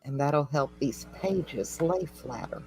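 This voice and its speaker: A woman's voice: low voice, lively intonation, slow, background noise. A woman hosting a casual craft stream, chatty and encouraging as she talks through each step. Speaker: host. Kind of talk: casual chat during a craft demo.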